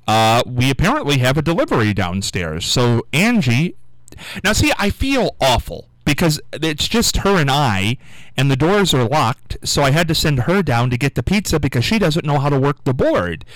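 A middle-aged male radio host talks casually on air from a small studio. His delivery rambles and wanders, with a very lively, bouncing pitch. The studio mic catches him close and dry. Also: moderate pace, no room sound, rough recording. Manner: rambling, chatty and animated. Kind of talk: casual live radio chat. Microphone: studio microphone.

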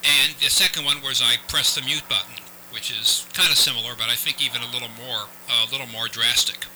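Male call-in host, earnest, repetitive; very bright, cutting tone. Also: mid-range voice, steady tone, a little fast, slight background noise, poor audio. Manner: earnest, repeats himself, lots of restarts. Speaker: radio call-in show host. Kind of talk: live call-in radio chat. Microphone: close studio microphone.

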